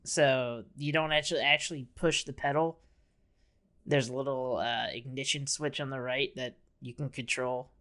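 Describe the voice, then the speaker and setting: A man's voice: medium pitch, steady tone, bright, forceful tone. A man co-hosting a podcast, joking and riffing in casual chat. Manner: jokey, quick to laugh and riff. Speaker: podcast co-host.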